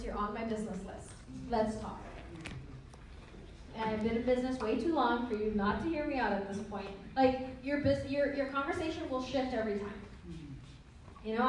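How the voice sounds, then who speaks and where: In a very echoey meeting room, a high-voiced woman with a darkish tone coaches an audience through a motivational business seminar at a slightly fast pace. She keeps it playful, laughing often and acting out conversations. The mic is far off, and faint hiss is present.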